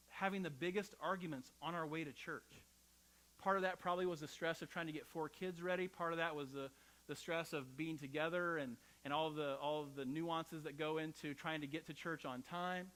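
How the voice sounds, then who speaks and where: Bright-voiced conversational pastor, a man. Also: on the high side, fairly quick, rough recording. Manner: conversational, personal storytelling with frequent "right?". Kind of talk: sermon.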